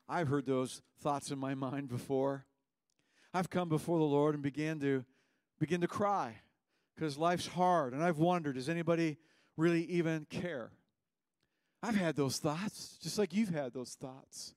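A man preaching a sermon as pastor, moving between hushed and raised passages. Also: a little high, measured pace, no room sound. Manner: impassioned, swings from hushed to raised. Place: church service.

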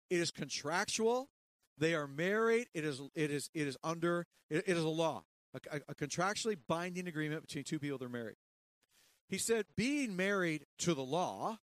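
A man preaching a sermon as pastor, animated, often repeating words and calling for the congregation to respond. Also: a little high.

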